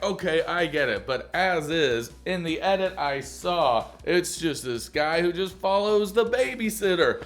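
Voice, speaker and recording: A man's voice: on the high side, a bit bright. A man rambling through a casual, jokey movie review, loose and self-mocking, swearing often.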